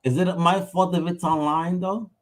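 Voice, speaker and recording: A man co-hosting a casual podcast chat, brash and excitable, swearing freely and swinging between loud bursts and low mutters. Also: normal speed. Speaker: podcast co-host.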